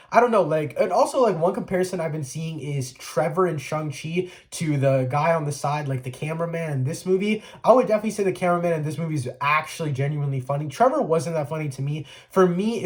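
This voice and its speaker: A man's voice: on the high side, a little mellow. A man giving a casual spoiler review, chatty and full of "like" and restarts. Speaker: movie reviewer.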